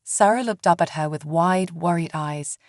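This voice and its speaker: A woman reading a dramatic story as narrator in an even, measured way. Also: fairly low pitch, no echo, studio quality.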